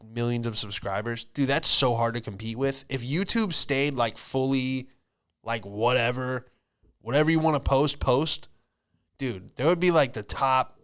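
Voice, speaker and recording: A man hosting a podcast, doing a loose, profane comedic monologue and slipping into quick put-on voices. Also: medium pitch, a bit bright, clear, resonant tone. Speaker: podcast host, stand-up comedian.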